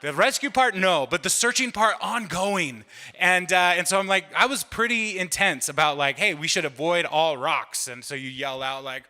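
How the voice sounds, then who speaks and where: A middle-aged man doing stand-up, telling a chatty, self-mocking story that builds to loud bursts. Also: a little high, moderate pace. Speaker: stand-up comedian. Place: church hall. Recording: live room with long reverb.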